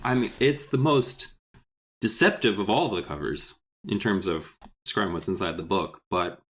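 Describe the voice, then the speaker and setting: A man co-hosting a casual book podcast, joking and animated as he retells a plot. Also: sits low, normal speed. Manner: joking, animated, slips into silly put-on voices. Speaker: podcast co-host.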